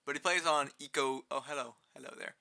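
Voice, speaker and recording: Bright-voiced young man streaming chat. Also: a little fast, vocal fry. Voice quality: fairly high-pitched. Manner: rambling, answers chat, rising excited outbursts. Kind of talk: casual live-stream chat while gaming.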